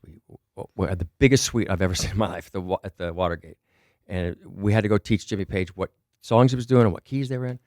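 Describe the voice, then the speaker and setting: A middle-aged man telling stories as a podcast guest, excited and profane, acting out the people in his anecdotes. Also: deep voice, quick pace, no echo, studio quality. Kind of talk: animated storytelling.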